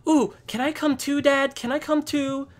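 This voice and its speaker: A man voicing an excitable five-year-old farm boy who asks eager questions in a tabletop game. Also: extremely high pitch, moderate pace, voice pushed up. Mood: excited.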